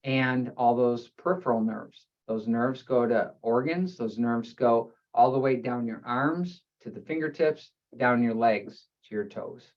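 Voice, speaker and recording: A man's voice: mid-range voice, a little slow, few pauses. Man explaining spinal health, lo-fi audio. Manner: explanatory, lists terms in steady runs. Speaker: chiropractor. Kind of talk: health webinar presentation.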